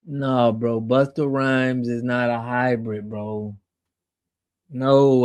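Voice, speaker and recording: A man's voice: medium pitch, steady tone, takes it slowly, a little mellow, clear, resonant tone. An American man hosting a casual livestream, answering chat in an emphatic, slangy way and repeating himself when he gets fired up. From United States. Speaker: show host.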